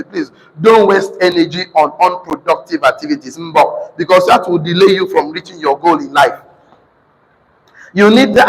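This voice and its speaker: High-voiced Nigerian man in an echoing hall. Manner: animated, repetitive, mixes in pidgin. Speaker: motivational speaker. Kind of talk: teaching seminar talk.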